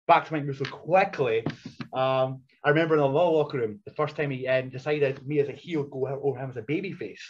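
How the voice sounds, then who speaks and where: A man in his thirties, a professional wrestler, telling anecdotes in a casual interview, animated and blunt with frequent laughter. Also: mid-range voice, normal speed, a little hiss or hum. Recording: dull lo-fi recording.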